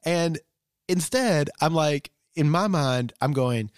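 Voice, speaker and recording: A man's voice: fairly high pitch, expressive, slow pace, clean tone, no echo. Guy on a podcast rambling through stories, lots of ums and likes, dry close sound. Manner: candid, rambling storytelling with many fillers. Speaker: podcast co-host. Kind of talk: casual chat.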